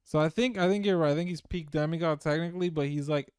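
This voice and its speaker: A man's voice: fairly high pitch, quick pace, darkish tone, clean tone, dry recording, clean studio sound. A man co-hosting a casual podcast chat about web novels, easygoing and laughing along. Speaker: podcast co-host.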